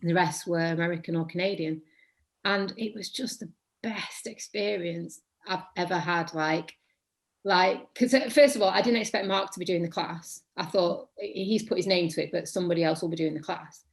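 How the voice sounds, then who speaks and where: A woman's voice: lowish voice, moderate pace. A woman in her thirties with a Mancunian accent, chatting as a guest in an interview, rambling and correcting herself as she goes. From England. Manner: says her voice tends to be monotonous. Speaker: guest actor. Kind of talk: casual interview chat.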